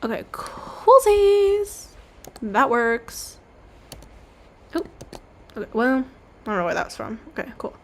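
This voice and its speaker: A young streamer drawing on camera talks in a fairly high, fairly bright voice, unhurried and full of long pauses. Her chatter is rambling and self-deprecating, with apologies and occasional silly voices, and a light hiss or hum is audible.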